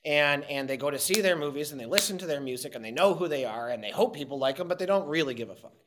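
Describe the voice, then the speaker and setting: A man's voice: fairly high pitch, expressive, fast talker, noisy background. A man from Montreal talking as an interview guest, passionate and rambling, swearing freely and circling back on his points. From Montreal, Canada. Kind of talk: candid interview talk.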